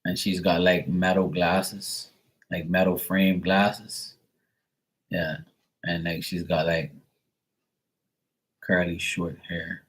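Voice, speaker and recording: A man's voice: low-pitched, little pitch movement, slow pace, long pauses, fairly bright tone, husky, rough recording. A man giving a live psychic reading in a casual, rambling way, full of fillers and the odd swear word. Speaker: psychic reader.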